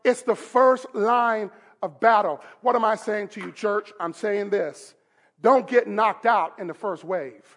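A male pastor preaching a sermon in a church service, emphatic and rising to shouts with call-and-response. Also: sits high, a little slow.

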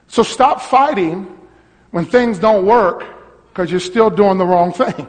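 A man pastor preaching a sermon, teaching a congregation and calling out to them, his voice rising to shouts. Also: sits high, expressive, a little slow, pauses often, in a large hall. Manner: call-and-response preaching, swelling to shouts.

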